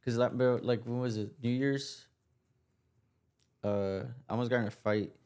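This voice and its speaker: A man's voice: medium pitch, fairly even intonation, unhurried, darkish tone, clear, resonant tone. A man guesting on a podcast, talking in laid-back, slangy casual chat. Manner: laid-back, slangy, says bro a lot.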